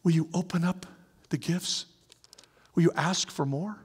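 A middle-aged man preaching a sermon in a lively, conversational way, acting out little scenes as he goes. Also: on the high side, unhurried, breathy edge. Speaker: pastor. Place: church sanctuary. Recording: reverberant hall.

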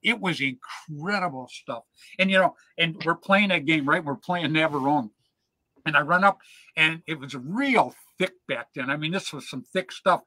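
A man hosting a show, telling casual stories in an animated, chatty way and checking in with "right?" and "man". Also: on the high side, normal speed, dry recording. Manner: animated yarn-spinner, peppers lines with "man" and "right?". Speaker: show host. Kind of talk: casual storytelling chat.

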